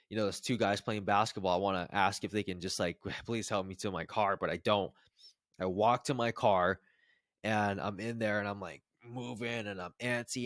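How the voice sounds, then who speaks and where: A young man in his twenties recounts a personal story for a vlog in a loose, rambling way. He restarts sentences often, swears now and then, and talks with a lowish pitch. The sound is close and dry, with no room echo. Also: fairly bright tone. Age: 20s. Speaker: vlogger. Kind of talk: casual storytelling to camera.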